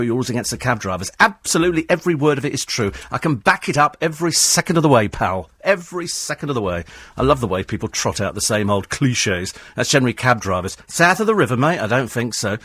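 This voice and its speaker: A man's voice: medium pitch, fairly bright tone, no room sound. A man hosting a talk radio phone-in, combative and sarcastic as he answers listener texts in a studio. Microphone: studio microphone.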